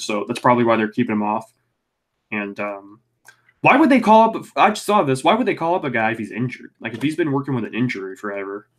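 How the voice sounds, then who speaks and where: A man's voice: medium pitch, fairly bright tone. A young man co-hosting a podcast, reviewing wrestling in a casual, rambling way, with lots of ums, restarts and the odd swear. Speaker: podcast co-host.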